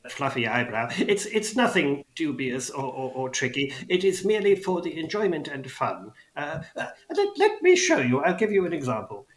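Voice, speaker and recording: A man doing a high, fussy old goblin at a ticket booth, in an echoey room. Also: huge pitch swings, moderate pace, hardly any pauses. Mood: fussy, polite. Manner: prim, chatty, hesitant with many uhs. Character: elderly male goblin ticket seller, fussy and polite.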